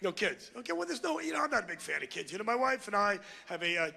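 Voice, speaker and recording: High, gravelly ranting stand-up comic man. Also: sing-song, quick pace, a little hiss or hum. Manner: loud, ranting, insulting delivery. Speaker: stand-up comedian. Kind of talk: stand-up comedy routine. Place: comedy club stage with a live audience.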